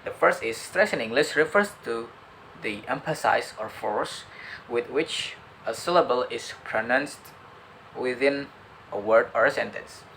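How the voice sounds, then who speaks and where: A young man, a student with an Indonesian accent, summarizing a lecture in halting speech with many fillers and restarts. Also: mid-range voice, lively intonation, fairly bright tone, slight background noise, low-quality recording. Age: young adult. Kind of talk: student summary of a lecture, partly read aloud.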